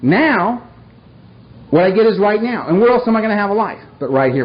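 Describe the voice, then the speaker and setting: High-voiced man telling a recovery story. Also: lively intonation, lo-fi sound. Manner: repetitive, playful, rapid-fire phrases; earnest, heartfelt. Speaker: recovery meeting speaker. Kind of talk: personal storytelling talk.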